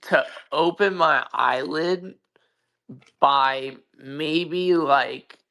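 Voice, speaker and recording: A man's voice: fairly high pitch, drawn-out words, vocal fry, bright, forceful tone. A man telling a personal story in casual chat on an audio call, profane and emphatic, with frequent restarts. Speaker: guest. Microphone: own mic on a social audio call.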